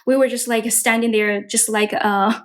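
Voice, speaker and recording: A woman's voice: on the high side, level tone, normal speed. A young woman whose first language is Chinese, chatting casually while practicing English and filling her talk with "like" and "um". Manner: chatty, many fillers like "like" and "um". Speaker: live-stream host practicing English.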